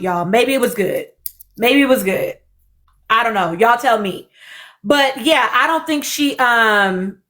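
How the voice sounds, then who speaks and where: A woman's voice: a little high, a bit bright. A woman hosting a casual podcast, speaking bluntly to her viewers, repeating herself and swearing freely. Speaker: podcast host. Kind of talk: casual opinion chat with live audience.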